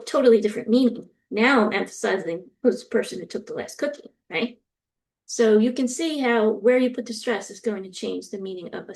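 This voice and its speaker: A woman lecturer explaining a topic step by step, often pausing with ums and acting out example sentences. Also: mid-range voice, gravelly, darkish tone. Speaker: university lecturer. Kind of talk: recorded lecture.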